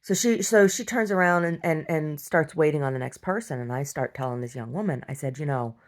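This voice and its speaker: A woman with a somewhat low voice tells a long, emphatic story straight to her viewers. She keeps checking in with "right?" and stumbles into restarts as she presses her point. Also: brisk. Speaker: vlogger. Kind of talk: casual storytelling rant.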